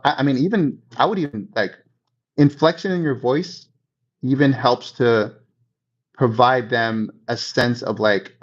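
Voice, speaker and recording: A man's voice: medium pitch, normal speed. A man giving a conversational real estate coaching talk, often checking in with his listeners. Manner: conversational, checks in with 'okay?' and 'right?'. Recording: dull lo-fi recording.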